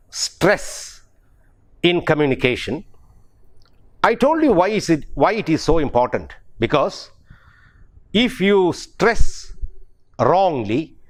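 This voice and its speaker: A man with an Indian English accent, a professor giving a pronunciation lecture, speaking deliberately and repeating example words to show stress. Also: a little high.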